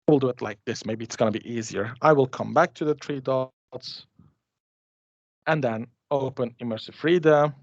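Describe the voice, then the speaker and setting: Man demoing software, dull audio. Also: medium pitch, normal speed, no echo. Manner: chatty, restarts and hesitates while clicking through a demo. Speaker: conference presenter. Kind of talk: live software demo.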